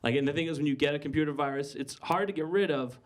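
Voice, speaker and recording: A man's voice: on the high side, fast talker. A man doing stand-up comedy on a club stage, rambling and stammering, with lots of "like" and restarts.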